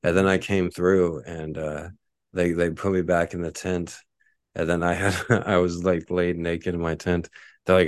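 A man's voice: deep voice, flat delivery, moderate pace, smooth, dry recording. A man from Texas, a podcast host, telling rambling casual stories full of "like" and casual swearing. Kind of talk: casual storytelling.

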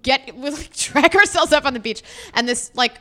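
A woman comedian chatting as a podcast guest, an animated storyteller who acts out quotes and laughs often. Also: high voice, normal speed. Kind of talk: casual podcast chat, storytelling.

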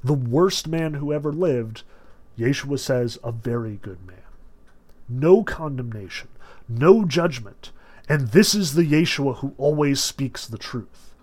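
A man lecturing on a novel, emphatic and animated, with sudden surges of stress and casual asides. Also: medium pitch, measured pace. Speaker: literature lecturer.

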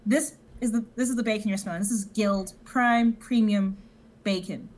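A woman's voice: mid-range voice, fairly even intonation, moderate pace, darkish tone. A woman playing her character in a tabletop game, playful and blustering in character. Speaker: player. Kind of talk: tabletop role-play.

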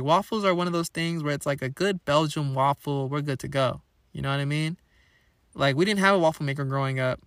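A man's voice: on the high side, fairly bright tone, dry recording, studio quality. Playful young man chatting on a podcast. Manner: playful, rambling, slangy. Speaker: podcast host. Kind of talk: casual solo podcast chat.

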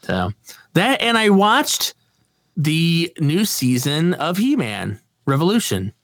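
A man's voice: a little high, wildly swooping pitch, slow, a bit bright, no room sound, clean studio sound. A man co-hosting a podcast in casual chat, laid-back and swearing casually, laughing often. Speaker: podcast co-host.

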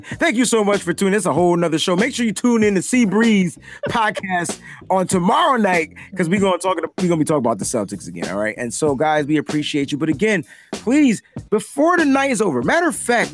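A man's voice: high-pitched, very animated, quick pace, a little hiss or hum. A man co-hosting a casual sports fan podcast, talking in loose slang and laughing often. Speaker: podcast co-host.

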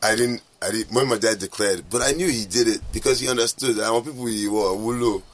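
A man's voice: fairly low pitch, fast, noisy background. A man in his thirties from Nigeria, with a partly American-sounding Nigerian accent, earnestly recalling family loss as an interview guest. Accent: American-influenced Nigerian English. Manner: reflective, emotional, earnest. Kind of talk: personal interview recollection.

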